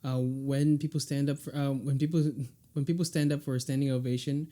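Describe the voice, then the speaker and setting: A young man hosting a podcast, firing off quick questions in a playful way and laughing often. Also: medium pitch, level tone, dark tone. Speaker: podcast host. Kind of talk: casual rapid-fire question game.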